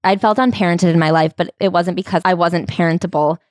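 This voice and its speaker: A woman's voice: fairly low pitch, steady tone, a little fast, a little mellow, dry recording. A woman co-hosting a comedic podcast, reading from a memoir and adding dry, sarcastic asides. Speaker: podcast co-host. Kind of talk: comedic book recap chat.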